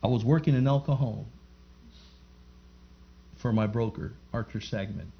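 A man's voice: mid-range voice, normal speed, creaky. A man giving a fervent church testimony, telling his story and rising into emphatic praise before a live gathering. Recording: muffled lo-fi recording.

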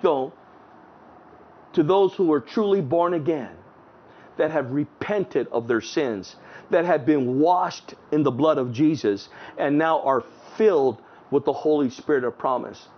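A fervent male preacher delivers an online sermon outdoors, his high voice rising into exclamations and dropping to a hush. He reads scripture aloud with heavy emphasis. The recording sounds dull and lo-fi. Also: a little slow. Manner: fervent, swings between raised exclamations and hushed low tones. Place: outdoors in front of a house at sunset.

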